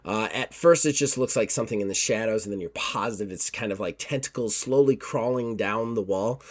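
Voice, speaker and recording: Male game master, relaxed, rambling horror narration, self-correcting. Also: on the low side, fairly quick. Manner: casual, many fillers, self-correcting.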